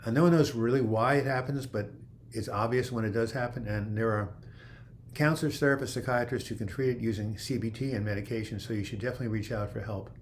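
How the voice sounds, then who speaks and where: The host talks fast in a mid-range voice with fairly even intonation, reading viewer comments aloud and replying off the cuff. He wanders, restarts, and leans on "you know." A little background noise is audible.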